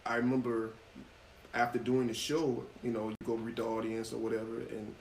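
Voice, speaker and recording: A man speaks easily as an interview guest, telling stories at a relaxed pace with lots of "um" and "you know." His voice rings in a reverberant room. A light hum of ambience sits behind him. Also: medium pitch, a little fast. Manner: relaxed, storytelling, many fillers. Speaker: guest actor and author. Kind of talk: casual interview talk.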